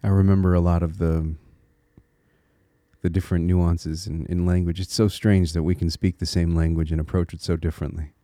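Deep-voiced and warm, a Connecticut podcast host talks briskly in a flat delivery on his solo show. He sounds earnest, reflective, and encouraging, with small restarts as he works through his thoughts, recorded at studio quality with no room sound.

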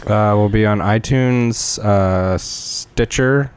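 A man's voice: fairly low pitch, slow, clean tone. A man co-hosting a podcast, dropping short, dry remarks into casual chat. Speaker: podcast co-host.

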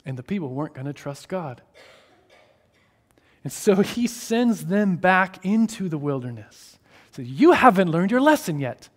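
A man preaching a sermon, moving between hushed, drawn-out phrases and raised, emphatic ones. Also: sits high. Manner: expressive, shifting between hushed and raised delivery.

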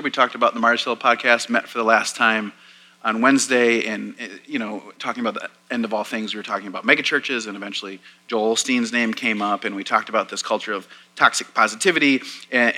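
Pastor in his forties, bright and tense tone, chatty self-deprecating sermon storyteller, middle pitch. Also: poor audio. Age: 40s. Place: church sanctuary.

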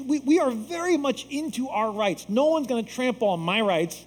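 A man from the United States preaching a sermon as a pastor, acting out quoted voices in an animated way. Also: high-pitched, moderate pace, in a large hall, low-quality recording.

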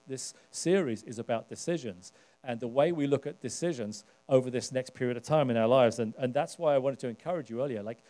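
A man's voice: medium pitch, mellow. A middle-aged British man preaching a sermon in church, talking conversationally and rallying the congregation with questions. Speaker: pastor. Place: church service.

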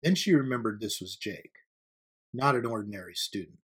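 A man narrating a story as an audiobook reader, with a steady, even-paced storytelling delivery. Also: fairly low pitch, normal speed, breathy edge.

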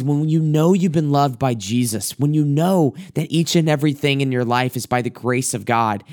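A man's voice: mid-range voice, no echo, clean studio sound. A man preaching an earnest sermon, sometimes repeating words as he speeds up.

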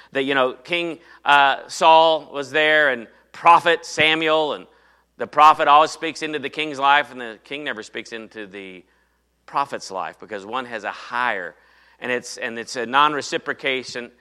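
A man delivers a sermon in an animated storytelling manner, playing out the biblical dialogue himself. His voice sits at a middling pitch with a bright, forceful tone. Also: smooth. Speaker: preacher.

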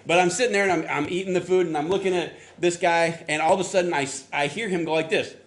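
Animated storytelling pastor, fairly high voice. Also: male voice, fast. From Florida, US South. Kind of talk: conversational sermon.

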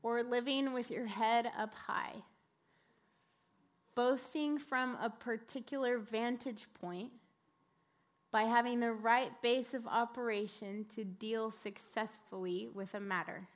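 A woman's voice: on the high side, fairly even intonation, slow. A woman in her thirties preaching a sermon, telling a personal story and rising to fervent exclamations.

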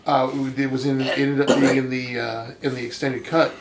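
A man's voice: mid-range voice, little pitch movement, moderate pace, a little hiss or hum. A man with a mid-range voice rambles agreeably through a casual film chat. His voice rings in a roomy, echoing space. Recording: roomy echo.

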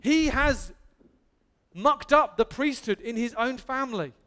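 A man's voice: extremely high pitch, expressive, a little slow, sharp tone, in a large hall. An Englishman preaching a sermon in a church, earnest and emphatic, building to exclamations. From England. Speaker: pastor. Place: church hall.

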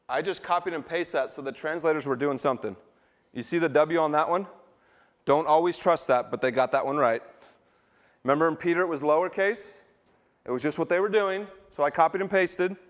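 A middle-aged man preaching to his church in a slightly higher voice. He sounds emphatic, putting questions to the listeners and slowing down to press his points. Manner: emphatic, asks the congregation questions. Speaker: pastor. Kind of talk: sermon.

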